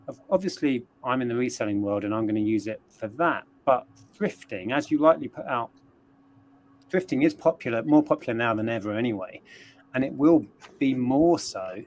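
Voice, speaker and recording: A man co-hosting a casual livestream, working through his ideas aloud. His voice is mid-pitched and even, and his speech is full of fillers. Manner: thoughtful, explains with fillers. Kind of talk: casual explanatory chat.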